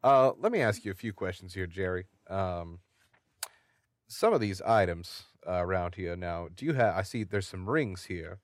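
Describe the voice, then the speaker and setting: A man's voice: low-pitched, expressive, moderate pace, dry recording. A man playing a tabletop game in character, polite and hesitant, often restarting his sentences. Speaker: player. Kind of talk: in-character tabletop role-play.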